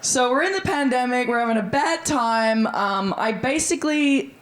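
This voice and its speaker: A woman's voice: on the high side, expressive, moderate pace, a little hiss or hum. Australian woman doing stand-up. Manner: chatty, breezy, acts out quoted voices. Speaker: stand-up comedian. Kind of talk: stand-up comedy set. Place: comedy club stage before a live audience.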